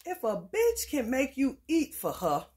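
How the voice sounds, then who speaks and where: Woman tarot reader with a fairly high voice, speaking in a blunt, profane rant that jumps from shouting to muttering. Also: huge pitch swings, measured pace. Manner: blunt, profane, swinging between loud outbursts and muttered asides. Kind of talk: casual tarot reading rant.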